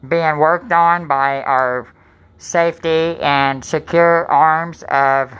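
Woman putting on a airline pilot voice, lowered and drawn out, halting cabin announcement, a bit distant. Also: fairly even intonation, fairly bright tone, clear, resonant tone. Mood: announcing.

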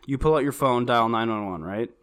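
A man co-hosting a podcast, telling a story in casual chat, animated and swearing a lot. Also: mid-range voice, a little fast, smooth. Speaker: podcast co-host.

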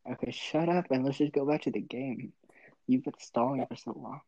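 A woman's voice: very deep voice, warm tone, no room sound. A young woman hosting a casual podcast chat, teasing her friend and laughing often. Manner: teasing, joking, quick to laugh. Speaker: podcast host. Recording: dull lo-fi mic.

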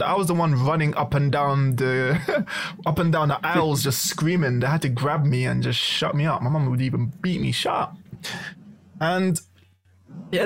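Animated young man telling stories. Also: fairly high pitch, a little hiss or hum. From London. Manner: animated storyteller, swears freely. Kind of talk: casual chat.

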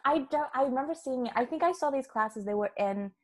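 A woman's voice: sits high, lively intonation, a little fast. An Australian woman hosting a podcast, chatty and rambling, often breaking into laughter. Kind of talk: podcast conversation.

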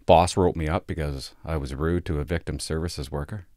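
A man's voice: rumbling low, fairly even intonation, moderate pace, dark tone, dry recording, clean studio sound. A man doing a crude, sardonic stand-up set about police work, swearing freely. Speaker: stand-up comedian and police officer.

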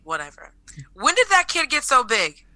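A woman's voice: sits high, huge pitch swings, moderate pace, sharp tone, dry recording, rough recording. A young woman co-hosting a podcast in casual chat, teasing and blunt, cursing casually. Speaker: podcast co-host.

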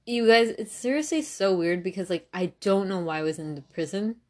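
A woman's voice: mid-range voice, animated, brisk, a little mellow. A young woman hosting a casual podcast, telling a story in a rambling, giggly way, full of "like", recorded on a phone. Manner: rambling, giggly, heavy use of "like". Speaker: podcast host. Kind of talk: casual chat.

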